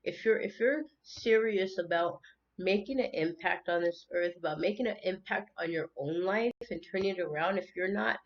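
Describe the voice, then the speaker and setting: This woman hosts a spiritual tarot channel and talks without a script, earnestly and emotionally, repeating words, restarting, and sometimes getting tearful. She speaks at a moderate pace in a fairly low voice, and the sound is lo-fi.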